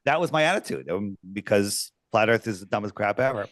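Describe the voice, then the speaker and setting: A man's voice: lowish voice, expressive, fairly quick, hardly any pauses, dry recording. Rambling, storytelling male guest. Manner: rambling, lots of fillers and restarts. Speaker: podcast guest. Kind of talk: casual storytelling.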